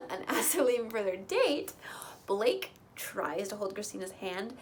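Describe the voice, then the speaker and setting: A woman's voice: medium pitch, very animated, unhurried, a little hiss or hum, low-quality recording. A young woman casually recapping a reality show in a chatty, opinionated way, with rambling asides. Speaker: recap vlogger.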